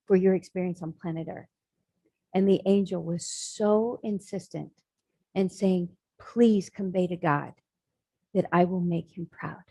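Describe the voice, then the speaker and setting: Woman storyteller for a sermon, warm and husky, dry room sound, acts out the characters as she goes. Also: mid-range voice, no room sound, poor audio. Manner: dramatic storyteller voicing characters. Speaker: spiritual speaker.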